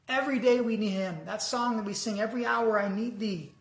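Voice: medium pitch, steady tone, fairly bright tone. Earnest preacher in an echoey room. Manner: earnest, reads scripture aloud slowly and deliberately. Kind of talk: sermon.

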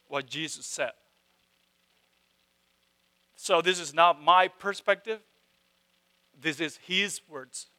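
A pastor's high-sitting, clean-toned voice carries an emphatic sermon. He lingers on repeated phrases and swings without warning from loud stresses down to hushed speech.

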